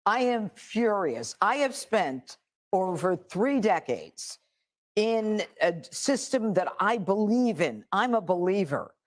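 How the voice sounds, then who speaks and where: A woman's voice: mid-range voice, big pitch swings, slow pace. An older woman, a former judge, giving indignant and emphatic political commentary.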